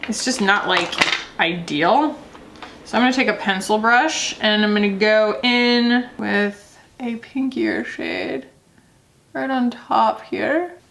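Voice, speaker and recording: A woman's voice: mid-range voice, big pitch swings, slow, vocal fry, fairly bright tone, slight background noise. A woman vlogger talking casually through a makeup tutorial, chatty and loose, often laughing. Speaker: beauty vlogger.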